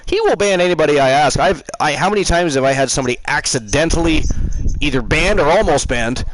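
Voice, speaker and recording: A man's voice: a little high, lively intonation, fast, slight background noise, rough recording. A man hosting a live stream, teasing and rambling through casual banter. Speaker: host.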